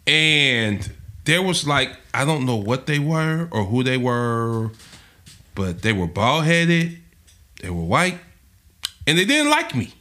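A man with a bright, lively voice that swings up and down as he recalls a show gone wrong. He chimes in eagerly and often sings a line or plays a character. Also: mid-range voice, takes it slowly. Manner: animated, jumps in and sings along. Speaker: comedian and podcast co-host. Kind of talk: casual podcast banter.

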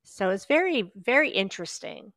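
A woman guest, a paranormal investigator, chatting in a relaxed interview and telling personal stories with easy laughs. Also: mid-range voice, normal speed, no echo, clean studio sound. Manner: chatty, anecdotal storyteller who laughs along. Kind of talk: casual storytelling interview.

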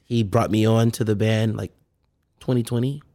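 A man's voice: on the low side, steady tone, normal speed, mellow. A man, a band musician, talking casually as a guest in an interview, loose and full of fillers. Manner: laid-back, filler-heavy, laughs often.

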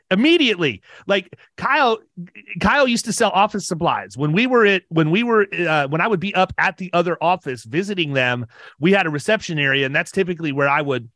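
A fairly high-pitched man of around fifty spins casual stories on a podcast. He talks with lots of energy, doubles back on his words and laughs easily, and his voice sounds dry and close with no room around it. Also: fairly bright tone, no echo.

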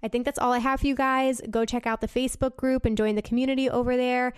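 A woman's voice: a little high, flat delivery, quick pace, clear, resonant tone, no echo, clean studio sound. A young woman hosting her own podcast, chatting casually and enthusiastically with frequent fillers. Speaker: podcast host. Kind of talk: casual solo podcast chat.

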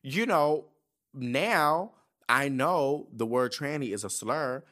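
A man in his thirties hosting a podcast, telling stories in a casual, profane, animated way and acting out the people he quotes. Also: medium pitch, takes it slowly. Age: 30s. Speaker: podcast host. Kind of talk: casual chat.

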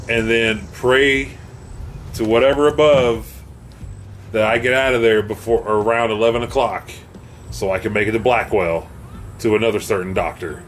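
A man's voice: mid-range voice, a little hiss or hum. A man in casual, profane chat, telling stories in a laid-back way.

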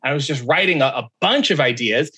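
A man's voice: medium pitch, a little fast, breathy edge. A man guesting on a podcast, telling a story in casual chat and acting out the voices of the people in it. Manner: animated, acts out quoted voices.

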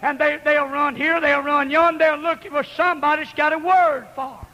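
A man preaching a fiery revival sermon in church, shouting rhythmic repeated exhortations. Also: very high-pitched, steady tone, a little fast, highs cut off. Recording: long hall reverb.

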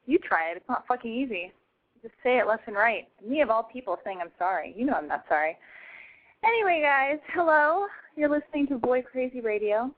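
A brash woman hosting a call-in talk show, with a fairly high voice and giddy, swearing chatter. The sound is thin and narrow, like a phone line. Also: fairly quick. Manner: brash, giddy, profane, animated. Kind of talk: casual talk radio monologue.

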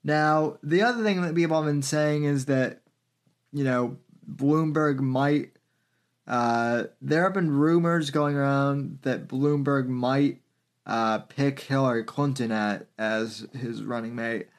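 A male podcast host gives political commentary. He talks slowly and haltingly, with many fillers between his phrases. His voice sits in an ordinary middle range. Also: medium pitch.

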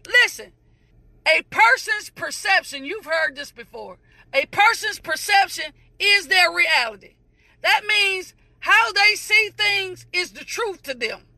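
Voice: very high-pitched, animated, slow pace, vocal fry, pushed and bright, no echo. A preacher giving a morning devotional sermon, greeting viewers by name and repeating phrases emphatically in a sing-song cadence.

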